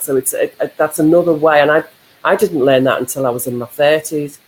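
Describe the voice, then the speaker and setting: A woman's voice: deep voice, brisk, darkish tone, a little hiss or hum, low-quality recording. A woman co-hosting a casual live chat, who reflects and explains ideas through examples. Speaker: co-host, life coach.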